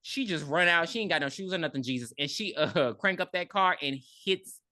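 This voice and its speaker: A woman's voice: lowish voice, fairly quick, dry recording. A woman co-hosting a podcast, casually recapping a film and acting out the characters' lines. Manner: animated, acts out characters in quotes. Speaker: podcast co-host. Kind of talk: casual movie recap chat.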